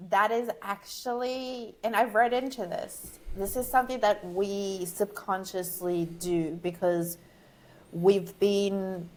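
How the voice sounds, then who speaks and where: A woman's voice: mid-range voice, fairly even intonation, slow pace, darkish tone. Woman with a mixed, partly Australian accent. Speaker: branding guest. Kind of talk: casual podcast conversation.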